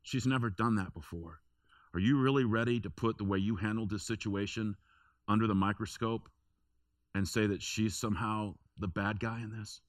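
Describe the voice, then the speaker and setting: A man's voice: fairly low pitch, fairly even intonation, normal speed, no echo, clean studio sound. A man preaching a sermon in a church, telling a personal story in a conversational way with emphatic repetition. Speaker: pastor.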